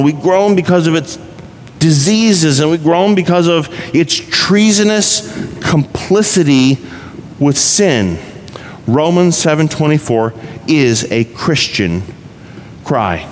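A pastor preaching a conversational sermon, asking his listeners rhetorical questions. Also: a little high. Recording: reverberant hall, faint background noise.

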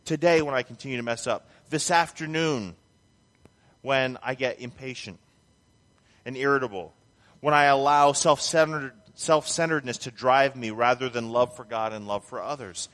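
Emphatic pastor preaching in a reverberant hall. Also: male voice, medium pitch, moderate pace, fairly bright tone. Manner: emphatic, builds to stressed repeated phrases. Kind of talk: sermon.

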